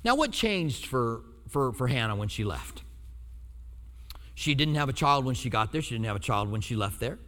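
At medium pitch and a moderate pace, a male pastor preaches to his church, spinning humorous stories and acting out quotes with animated flair. Long hall reverb surrounds his voice.

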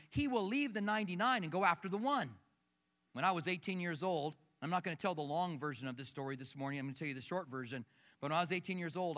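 A middle-aged man preaches to a big congregation, telling stories and asking questions of the room. His voice sits high and sounds sharp and forceful. It carries through a large auditorium with a long ringing echo. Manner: animated storyteller who questions the congregation. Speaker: pastor. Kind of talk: sermon with personal stories. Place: large church auditorium with balconies. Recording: echoey hall from a distance.

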